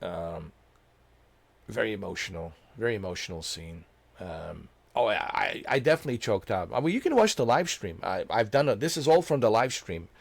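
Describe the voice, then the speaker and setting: Low-voiced man, emotional gaming commentary. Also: very animated, normal speed, gravelly. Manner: emotional, repetitive, slangy with "dude". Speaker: gaming video creator. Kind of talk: casual story commentary.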